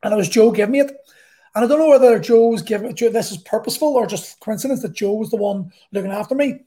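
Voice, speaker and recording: A man's voice: sits high, fast talker, warm tone. A middle-aged man with a Belfast accent, telling a personal story in a blunt, sweary, rambling way. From Northern Ireland.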